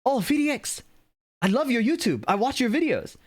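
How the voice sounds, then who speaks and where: A man's voice: extremely high pitch, big pitch swings, normal speed, voice pushed up, exaggerated voice. A man imitating a cheeky male pro gamer in a raised voice, with short, polite, upbeat replies that dodge the question. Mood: teasing.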